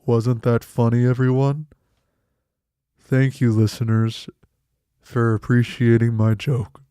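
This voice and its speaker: A man voicing a gloomy, solemn male stand-in host who talks slowly and flatly in a mournful way, as a comedy podcast bit. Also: mid-range voice, clean tone, no room sound, studio quality, close to an everyday voice. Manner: slow, flat, mournful delivery.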